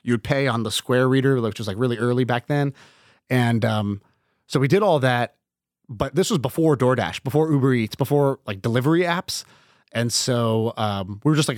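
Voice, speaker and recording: A man guesting on a podcast, telling stories in a casual, animated way and acting out what people said. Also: mid-range voice, dry recording, clean studio sound. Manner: animated, acts out quoted dialogue. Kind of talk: casual storytelling chat.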